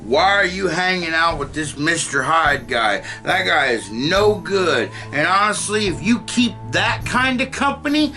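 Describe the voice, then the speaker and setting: A man's voice: a little high, expressive, unhurried, hardly any pauses, bright, forceful tone, soft background music, exaggerated voice. A man voicing a stern older father who confronts his daughter's fiancé bluntly in slang. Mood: confronting.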